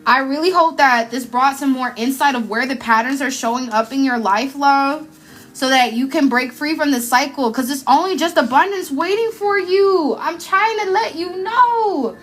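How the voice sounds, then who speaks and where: A woman's voice: sits high, moderate pace, a bit bright. A woman, giving an emotional, effusive live tarot reading in casual slang. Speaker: tarot reader. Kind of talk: live spiritual card reading.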